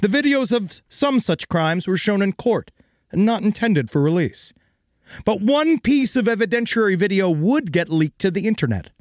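A man's voice: high voice, sing-song, moderate pace, dry recording, clean studio sound. A man hosting a comedic true crime podcast, narrating theatrically and laughing often.

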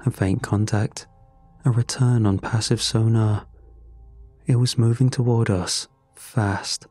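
Slow, deep-voiced man narrating a grim tale. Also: steady tone, mellow, husky, no room sound, soft background music. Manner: measured, grim storytelling. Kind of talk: scripted first-person horror narration.

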